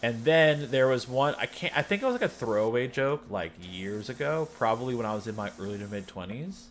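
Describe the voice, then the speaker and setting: A man's voice: mid-range voice, expressive, a little fast, a little hiss or hum. A man, telling a rambling personal story on a livestream, wry and full of restarts. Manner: rambling, self-interrupting, wry. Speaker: streamer. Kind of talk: casual storytelling chat.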